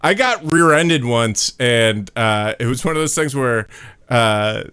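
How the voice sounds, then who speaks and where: Smooth-voiced, laid-back man. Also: medium pitch, animated, slow, a bit bright. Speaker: co-host of a live-streamed comedy show. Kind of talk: casual chat.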